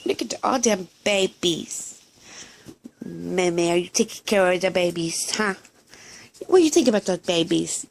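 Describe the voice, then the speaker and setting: A woman's voice: fairly low pitch, lively intonation, measured pace, creaky. A woman at home talking baby talk to her cats in a casual, cooing way. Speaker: vlogger, pet owner.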